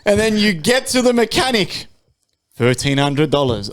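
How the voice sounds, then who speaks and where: A young adult man with an Australian accent, co-hosting a casual podcast chat and telling stories with lots of swearing and sudden jumps in pitch. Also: normal speed. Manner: animated storytelling, swears freely, big pitch jumps when ranting. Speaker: podcast co-host.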